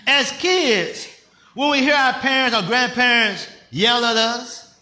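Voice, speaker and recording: An older man, a pastor, preaching in a conversational style with call-and-response questions, rising at times to shouts. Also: very high-pitched, takes it slowly, echoey room. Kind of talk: sermon.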